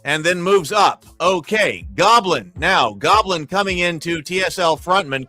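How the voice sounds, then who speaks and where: A man's voice: high-pitched, measured pace, soft background music. A man running a live tabletop arena battle as game master, calling hits and damage play-by-play and cheering on the dice. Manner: excitable, cheers and pleads over dice results.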